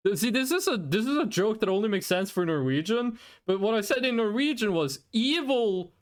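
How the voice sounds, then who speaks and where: A streamer in a casual live-stream chat, rambling and excitable and often repeating words. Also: mid-range voice, brisk, hardly any pauses.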